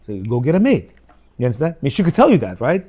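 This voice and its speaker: A man's voice: medium pitch, huge pitch swings, very fast, warm tone, slightly rough. A middle-aged man from Uzbekistan with a Bukharian Jewish accent, giving an informal religious class and firing rhetorical questions at his listeners. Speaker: Torah class teacher.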